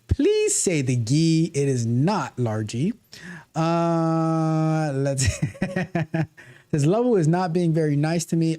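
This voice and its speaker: A man's voice: fairly high pitch, dark tone. A man hosting a casual coding livestream, reading out viewer comments and talking animatedly, often repeating and restarting his phrases. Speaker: livestream host, coding coach.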